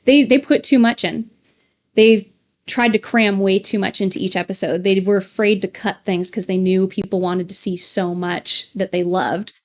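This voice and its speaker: A woman's voice: medium pitch, fairly even intonation, moderate pace. A woman co-hosting a casual live stream from a home studio, rambling and chatty with frequent fillers and laughs. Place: home studio with LED lights.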